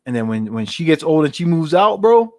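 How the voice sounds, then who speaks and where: A man's voice: on the high side, big pitch swings, a little fast, a little mellow, no room sound, clean studio sound. Chatty man with street slang. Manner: street slang, frequent "you know what I'm saying". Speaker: channel host. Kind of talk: casual rambling advice talk.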